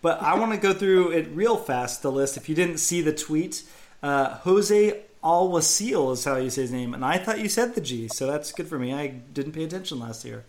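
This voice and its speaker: A fairly high, lively-intoned male voice at a moderate pace, a little mellow. He co-hosts a casual sports podcast, chatty and self-deprecating as he works through how to pronounce names.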